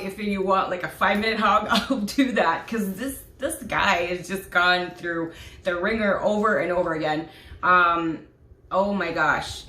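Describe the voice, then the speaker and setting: A woman vlogger talks in a casual, gushing way, full of fillers and little laughs. Her voice sits a bit low for a woman. The room around her has a noticeable echo. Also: a bit bright. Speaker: vlogger reviewing a TV series. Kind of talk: casual chat. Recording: echoey room.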